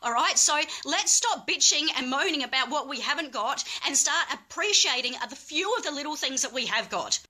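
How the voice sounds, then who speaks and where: A woman's voice: high-pitched, lively intonation, moderate pace, hardly any pauses, pushed and bright. A woman speaking as a cannabis activist, making an angry, emphatic plea and repeating her points with swearing. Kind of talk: impassioned plea.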